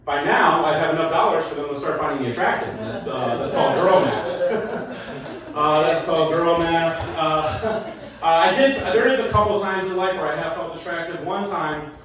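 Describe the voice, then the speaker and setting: Male stand-up comic, slightly high voice, roomy club sound, heard from a distance. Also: normal speed, a crowd in the background. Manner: self-deprecating, chatty, laughs at his own jokes. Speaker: stand-up comedian. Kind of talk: stand-up comedy set. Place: comedy club stage. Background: audience laughter and call-backs.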